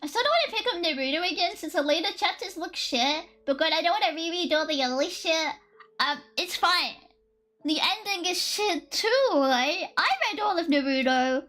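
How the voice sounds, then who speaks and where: A young woman streaming live in casual chat, excitable and giggly, swearing freely as she thinks aloud. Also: very high voice, moderate pace. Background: faint lo-fi music.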